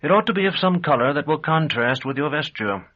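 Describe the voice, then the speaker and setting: A man's voice: expressive, fairly quick. A man doing a fussy, nervous shopkeeper. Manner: pleading and servile, higher and louder than the narration. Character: nervous, fussy middle-aged male shopkeeper. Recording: dull lo-fi audio.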